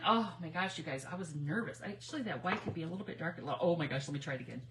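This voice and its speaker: A woman hosting a casual crafting livestream on her phone, chatty and giggly, nervously excited as she talks to viewers. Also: on the low side, quick pace, few pauses. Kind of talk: casual live crafting chat.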